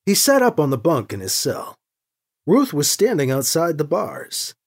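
An audiobook narrator reading with expressive storytelling. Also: mid-range voice, a little slow.

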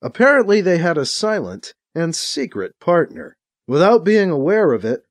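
A man narrating a science fiction audiobook in a dramatic, expressive reading. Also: high-pitched, dry recording, clean studio sound. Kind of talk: audiobook narration, acting out scenes.

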